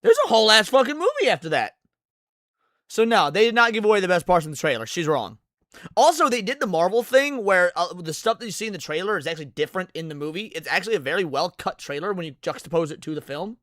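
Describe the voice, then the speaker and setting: Brash, bright-voiced male streamer. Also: high-pitched, very animated, fast talker, no echo, clean studio sound. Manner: brash, profane, emphatic. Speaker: streamer reacting to clips. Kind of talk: casual live-stream commentary.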